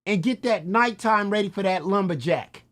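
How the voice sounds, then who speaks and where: A man's voice: high voice, normal speed, fairly bright tone. Scoffing profane stream commentator man. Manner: scornful, profane, mocking disbelief. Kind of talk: reaction commentary on clips.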